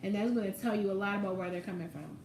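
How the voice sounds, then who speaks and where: A woman's voice: medium pitch, fast, roomy sound, noisy background. Chatty woman giving a tarot reading. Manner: chatty, emphatic, swears casually, addresses viewer directly. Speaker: tarot reader.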